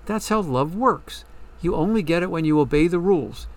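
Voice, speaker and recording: A man's voice: on the high side, animated, moderate pace, pitched above the performer's own voice, natural voice. A man reading a story, voicing a troubled young woman who doubts she deserves love, in a hesitant, questioning way.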